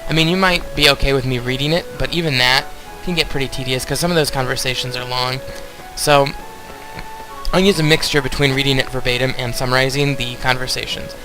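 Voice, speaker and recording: A man's voice: medium pitch, fairly even intonation, brisk, over music, poor audio. A young man casually commenting on a video game as he plays, rambling and talking straight to his viewers. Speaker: let's play host.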